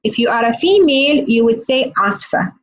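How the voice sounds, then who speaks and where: A woman teaching a live online lesson over a video call, playful and teasing, repeating words slowly. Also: fairly high pitch, animated. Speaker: Arabic teacher. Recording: muffled video call audio.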